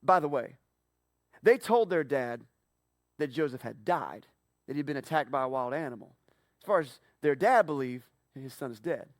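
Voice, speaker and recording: A man preaching a casual sermon, retelling a Bible story playfully and acting out the characters in quick asides. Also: medium pitch, animated, dry recording, studio quality. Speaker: pastor. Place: church.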